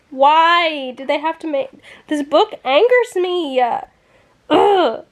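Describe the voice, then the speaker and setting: This woman, a book vlogger, reacts to her reading in a casual vlog with a high-pitched voice, lively intonation and a slow pace. She is chatty, uses "like" constantly, wears her feelings about the book on her sleeve, and swears when upset.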